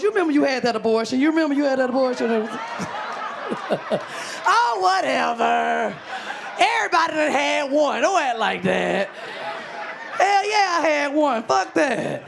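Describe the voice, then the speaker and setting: A woman's voice: sits high, big pitch swings, normal speed, creaky, crowd noise, noisy background. A woman doing stand-up comedy with a brash, crude delivery in a comedy club.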